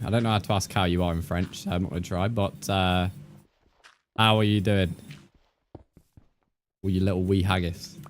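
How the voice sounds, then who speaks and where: A young man streaming a game, chatting casually with viewers, joking, swearing and reacting to their comments. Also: on the low side.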